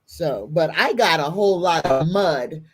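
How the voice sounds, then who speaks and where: A woman's voice: low-pitched, expressive, a little slow, breathy edge. A woman in a casual political chat on a video call, making folksy, earnest predictions.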